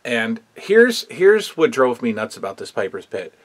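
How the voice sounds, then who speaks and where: A man's voice: medium pitch, sing-song, unhurried. A man hosting a casual review show, talking in a rambling, opinionated way with lots of fillers. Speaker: wrestling history show host.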